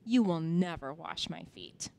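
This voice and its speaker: A woman's voice: fairly low pitch, lively intonation, unhurried, creaky, a little mellow. A woman reading the part of a devoted, impulsive male disciple aloud for children, in an earnest, slightly raised voice.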